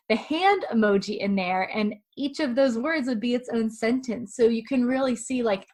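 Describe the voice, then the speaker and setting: A woman who is a professional writer, giving quick, chatty, emphatic advice as a guest in an interview. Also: fairly high pitch, a bit bright.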